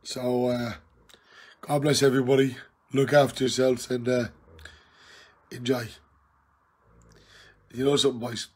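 A tipsy man with an Irish accent on a live stream, loudly teasing and challenging an old friend in rowdy banter. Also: medium pitch, little pitch movement, unhurried, pauses often, husky. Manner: loud, jokey, challenging and teasing. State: tipsy from drinking.

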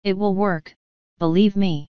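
A mournful talking toad grumbles his lines slowly , as a woman reader puts him on. The voice is clean and precise, lowish for a woman. It sits in a dry, slightly muffled storybook recording. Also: steady tone, smooth, no echo, close to an everyday voice.

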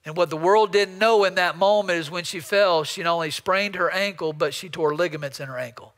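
A man's voice: high voice, brisk, a bit bright, big-room sound. A man preaching a storytelling sermon as pastor, often repeating words as he builds up a story. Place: church sanctuary.

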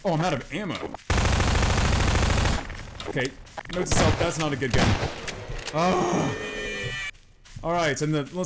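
A man giving excited let's-play commentary over a video game, jumpy and quick to yelp and shriek when startled. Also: medium pitch, slight background noise. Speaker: gameplay commentator. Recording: game gunfire and clicks behind the voice.

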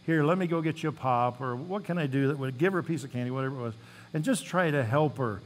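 A fast-talking male pastor with a medium-pitched voice preaches over slight background noise. His scripture readings rise in emphasis, and between them he talks plainly and tells folksy stories.

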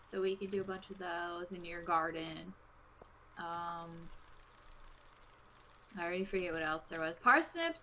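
A woman's voice: mid-range voice, vocal fry, pushed and bright, a little hiss or hum, rough recording. A woman hosting a casual co-op farming game, laughing often and thinking aloud as she plays. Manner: giggly and scattered. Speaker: gaming host. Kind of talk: casual co-op gameplay chat.

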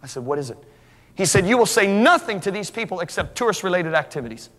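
A middle-aged man preaching a sermon as a lively story, acting out the dialogue. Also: high-pitched, fast. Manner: animated, acts out dialogue, restarts. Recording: hall reverb.

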